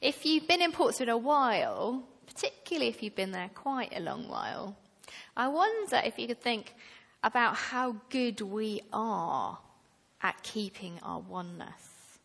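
Woman, preacher, slow and deliberate, higher voice, long hall reverb. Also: big pitch swings, vocal fry, fairly bright tone, slightly rough. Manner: slow and deliberate, rising to emphatic passages. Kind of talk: sermon.

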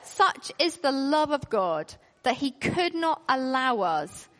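A woman delivers a sermon in a high, animated voice that rises and falls with feeling. She takes her time, pausing for emphasis as she tells the story. Her words ring out with a long reverb from a large hall. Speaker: preacher.

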